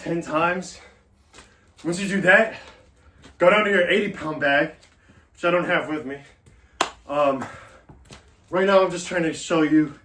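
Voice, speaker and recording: A man's voice: on the high side, fairly bright tone. A man giving a casual workout demonstration as a fitness vlogger, coaching in a loose, talky way.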